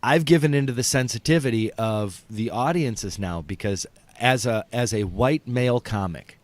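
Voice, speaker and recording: A man's voice: mid-range voice, normal speed, no room sound. A man who hosts and does stand-up, chatting casually and animatedly with lots of fillers. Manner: animated, rambling, with many fillers. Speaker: podcast host and stand-up comic. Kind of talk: casual comedic chat.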